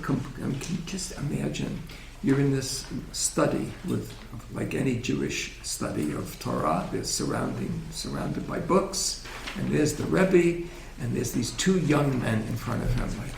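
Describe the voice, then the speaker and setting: Guy giving a soft thoughtful lecture, super gravelly voice, lots of up and down, echoey hall. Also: on the high side, big pitch swings, a little slow, a little hiss or hum. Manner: gentle, reflective, asks the audience questions. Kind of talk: interactive religious lecture. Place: synagogue hall.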